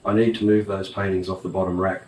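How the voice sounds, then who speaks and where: A man voicing a flustered male vault manager in an audiobook, defensive and hurried. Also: sits low, flat delivery, a little mellow, a little hiss or hum, natural voice. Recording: roomy, distant mic.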